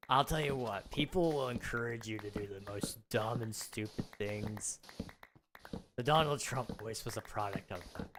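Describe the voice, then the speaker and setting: A hoarse man losing his voice, rambling and self-mocking while chatting casually on a livestream. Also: on the low side, moderate pace, background noise. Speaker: game streamer. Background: music.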